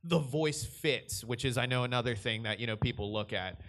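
A man's voice: mid-range voice, normal speed, a bit bright. Rambling young man on a panel. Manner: rambling, with frequent restarts and laughs. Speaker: voice director on a convention panel. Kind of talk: panel Q&A answer, casual.

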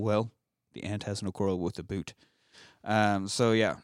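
In a lowish, clean-toned voice with fairly even intonation, an Austin man talks a friend through a movie at a measured pace. His recap is rambling and profane, punctuated by lines quoted in silly voices, all captured in clean studio sound with no echo.

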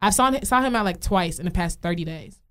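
Fast-talking woman telling a story. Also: fairly low pitch. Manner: animated storytelling, quotes people. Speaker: podcast co-host. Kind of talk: casual chat.

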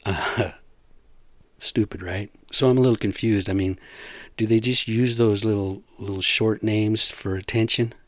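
A man's voice: on the low side, dry recording. A man giving a rambling, blunt rant full of swearing, talking casually about his day and whatever crosses his mind.

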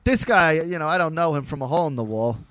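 A man's voice: a little high, quick pace, no echo. Blunt, profane man telling stories. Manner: blunt, profane, animated storytelling. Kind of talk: casual podcast chat.

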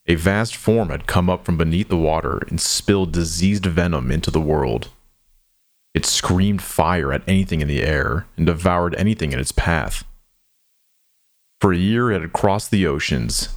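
A man narrating an audio drama in a measured, somber storytelling manner. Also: low voice.

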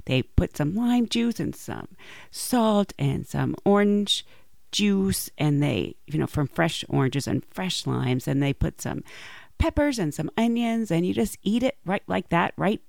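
A woman hosting a podcast, telling casual stories in an animated way and laughing often. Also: on the low side, a little slow, vocal fry, dry recording, studio quality. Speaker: podcast host. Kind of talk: casual storytelling monologue.

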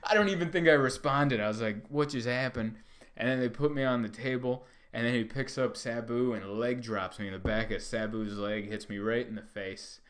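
A man, a comedian, telling a long story in a rambling way with many fillers and loud bursts when he acts out other people. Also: mid-range voice, steady tone, brisk, few pauses. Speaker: stand-up comedian. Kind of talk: storytelling monologue.

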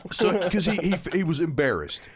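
A man telling a story in a casual podcast chat, animated and swearing, acting out what people said. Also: on the high side, moderate pace, husky. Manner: animated, swearing, acts out quotes. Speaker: podcast co-host.

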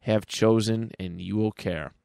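A man's voice: on the low side, fairly even intonation, unhurried, vocal fry, darkish tone, dry recording, clean studio sound. Vader, a man reading as a stern Sith lord. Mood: menacing. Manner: stern, threatening delivery read from a comic. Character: menacing male Sith lord in armor.

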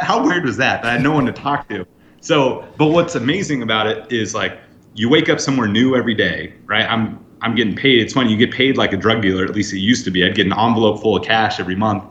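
A man in his thirties from the United States, a podcast guest telling lively anecdotes and acting out quoted lines. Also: fairly low pitch, slight background noise. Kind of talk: storytelling in a podcast interview. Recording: roomy, slightly dull sound.

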